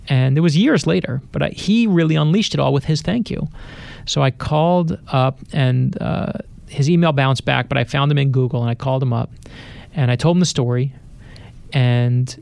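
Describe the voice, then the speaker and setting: Guesting on a radio studio interview, this middle-aged best-selling author tells lively personal stories and performs the voices he quotes. He speaks at a fairly high pitch, creaky and darkish yet clear and resonant, with no room sound.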